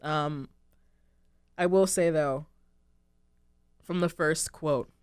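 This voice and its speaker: A young woman who hosts a radio show delivers a reflective, casual solo monologue, earnest and rambling and full of "like" and "um." Her low voice draws words out and sounds a little mellow and smooth. The mic is close and dry, with no room sound.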